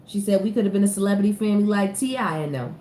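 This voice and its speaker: A woman's voice: medium pitch, rapid-fire, warm tone. Woman, tarot reader, casual chatty monologue, talks to viewers, echoey room, faint background hiss. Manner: chatty, talks straight to viewers, laughs often.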